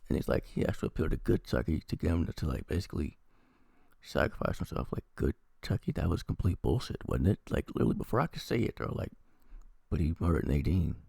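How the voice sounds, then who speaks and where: Male reviewer, Midwest, unwell; deep husky rasp, lively swings in pitch, sarcastic rambling delivery. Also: fast talker, no echo, studio quality. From American Midwest. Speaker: TV episode reviewer. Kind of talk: casual spoken review.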